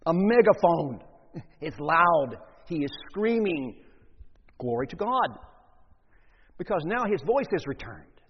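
A man with a slightly high, husky voice preaches a lively sermon and acts out the scenes. His pitch and volume swing widely. The sound is muffled and lo-fi, with a long reverb from a large church. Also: measured pace.

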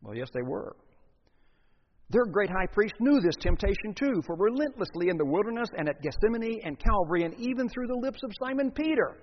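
A man's voice: sits high, big pitch swings, fairly quick. A man preaching an expository sermon as pastor, earnest, with emphatic rises on key phrases. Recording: dull sound with long hall reverb.

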